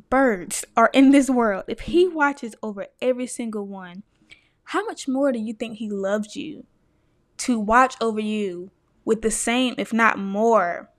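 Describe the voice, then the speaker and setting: A woman's voice: medium pitch, dry recording, studio quality. A young woman hosting a podcast, sharing a personal faith story in an earnest, emotional way and speaking straight to her listeners. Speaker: podcast host.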